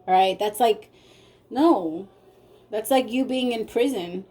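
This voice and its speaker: A woman's voice: a little high, slow, dark tone. A woman giving a casual spoken tarot reading, speaking straight to her viewers with a lot of feeling. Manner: emotional, talks straight to viewers. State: tearful. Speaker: tarot reader.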